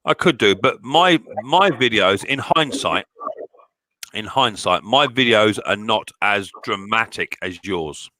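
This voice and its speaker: A British man with a husky voice, chatting casually and rambling on a live stream from a small cold workshop shed. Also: fairly low pitch, expressive, slow pace, pushed and bright, no room sound. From Britain. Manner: chatty, rambling with restarts and fillers. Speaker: live stream host, mower repairer. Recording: dry, close studio mic.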